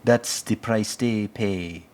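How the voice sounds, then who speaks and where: A man's voice: on the low side, takes it slowly, a little mellow. A man doing a drawling Jamaican stoner. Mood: mock-solemn. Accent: put-on Jamaican. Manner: drawling, ends lines with "man". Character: laid-back Jamaican stoner man preaching about spirits. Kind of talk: comedic impression in a commentary.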